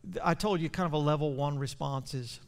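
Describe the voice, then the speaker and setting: A male pastor preaching a sermon, repeating his words and building to loud, fervent passages. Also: fairly high pitch, fairly quick. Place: church sanctuary. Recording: long church hall reverb.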